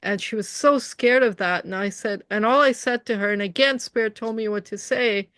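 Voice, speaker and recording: A woman's voice: fairly high pitch, moderate pace, fairly bright tone, no echo, studio quality. A woman from Canada in a casual online conversation, earnestly telling stories about her spiritual experiences over a video call. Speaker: interviewer.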